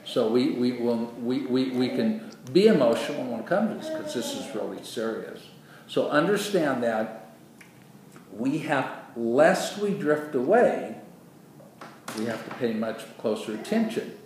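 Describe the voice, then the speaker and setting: A man preaching a sermon in an earnest, animated way, acting out quoted voices, with a dry throat after surgery. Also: mid-range voice, normal speed, crowd noise. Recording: echoey room, far from the mic, noisy.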